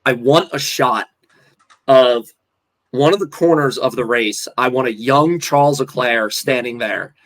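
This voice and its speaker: A man co-hosts a casual podcast chat at a mid pitch. He rambles, restarts his thoughts and leans hard on filler words. His voice is plain and easygoing. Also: measured pace, a bit bright, low-quality recording. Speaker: podcast co-host.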